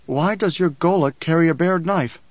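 A loyal male desert warrior, plain-spoken and respectful, as a man reads him aloud. The voice is a touch high for a man. The recording is dry and a bit muffled. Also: normal speed, no room sound, lightly acted. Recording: dull, dry audiobook sound.

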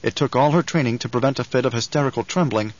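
Guy reading a novel aloud, steady even voice, kinda dull lo-fi audiobook sound. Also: mid-range voice, fast talker. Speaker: audiobook narrator. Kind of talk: scripted narration.

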